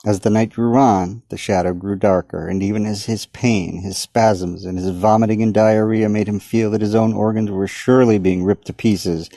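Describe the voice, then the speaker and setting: A man reading his own dark story aloud in a measured audiobook narration. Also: lowish voice, no echo. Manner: steady, measured dramatic reading.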